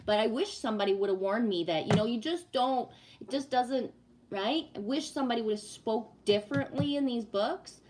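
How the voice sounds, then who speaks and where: A woman's voice: on the high side, normal speed, background noise. A woman hosting a casual spiritual livestream, reading viewer comments and venting bluntly, with lots of swearing and repeated "right?" tags. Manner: emphatic and profane, rhetorical "right?".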